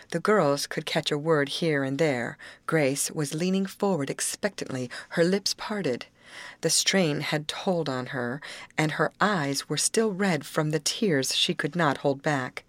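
A woman's voice: low-pitched, no echo. A woman narrating a classic novel as an audiobook reader, telling the story expressively. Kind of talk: scripted narration.

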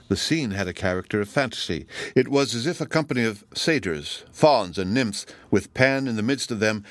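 Low-voiced man reading a classic novel. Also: a bit bright, no echo. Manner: measured and formal. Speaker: audiobook narrator. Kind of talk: scripted narration of a classic novel.

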